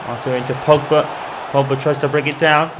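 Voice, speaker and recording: A man commentating on his own football video game in the manner of a match broadcaster, calling the play and getting loud at goals. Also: a little high, little pitch movement, fairly quick, noisy background. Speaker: gaming commentator. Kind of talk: mock football match commentary over gameplay.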